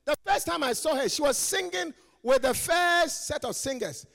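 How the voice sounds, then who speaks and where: High-voiced Ghanaian man preaching playfully. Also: animated, normal speed, creaky, long reverb tail. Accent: Ghanaian English. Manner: playful, teasing, swings from quiet asides to shouts. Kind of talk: lively conference sermon. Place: large conference hall.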